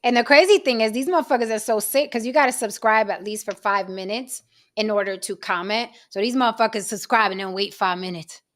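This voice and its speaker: A woman's voice: medium pitch, brisk, fairly bright tone. A woman hosting a casual livestream chat, blunt and swearing freely. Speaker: host.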